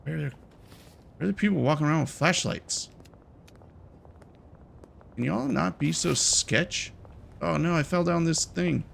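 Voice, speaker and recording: A man's voice: fairly high pitch, unhurried, creaky, long pauses, a bit bright, a little hiss or hum. A young man giving casual, jokey and nervous commentary while playing a game, talking to its characters. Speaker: gaming YouTuber.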